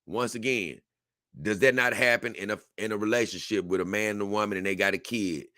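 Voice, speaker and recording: A young man hosting a casual livestream, reading a text aloud and reacting to it in an animated, conversational way. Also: on the low side, a little fast, no echo, clean studio sound. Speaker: livestream host.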